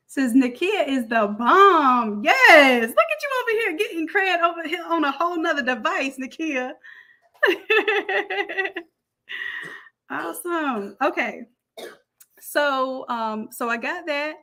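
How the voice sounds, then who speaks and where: A woman with a Southern US accent hosting a casual livestream Q&A, animated and preachy as she fires up her viewers. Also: sits high, takes it slowly. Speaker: online design academy host.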